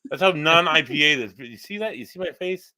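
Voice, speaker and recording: A man co-hosts a live podcast in a loose, joking way, swearing freely. His voice is bright and forceful. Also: a little high, animated, brisk, no echo, low-quality recording. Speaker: podcast co-host. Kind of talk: casual banter on a live show.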